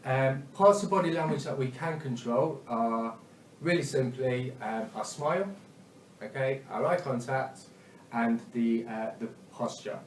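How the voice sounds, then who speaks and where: A man's voice: medium pitch, a little slow, a little hiss or hum. A man giving a sales training talk, hesitant and full of ums and uhs, often checking in with "okay?". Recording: echoey room, mic at a distance.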